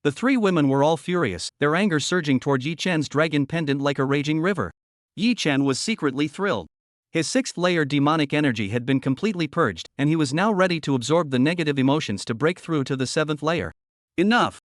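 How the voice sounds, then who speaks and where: Male recap narrator, pitched a little high, animated, dry close mic. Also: fairly quick, no room sound. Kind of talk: scripted narration.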